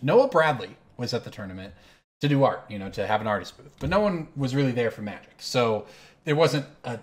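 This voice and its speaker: A man hosting a card game stream, telling a long anecdote between moves, rambling and correcting himself as he goes. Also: mid-range voice. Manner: rambling, self-correcting, animated storyteller. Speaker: host playing online card game. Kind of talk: casual storytelling while playing.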